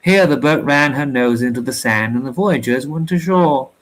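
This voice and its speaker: A man reading a story aloud in a lively storytelling manner, with occasional small slips. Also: medium pitch, moderate pace. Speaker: story reader.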